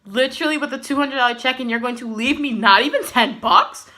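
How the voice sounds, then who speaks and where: A young woman chats through a casual storytime for her vlog, full of fillers and animated swings between exasperation and laughter. Her voice is bright and forward, sitting a little high for a woman. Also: fairly quick. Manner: chatty, filler-heavy with many "like"s and "literally"s. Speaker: vlogger.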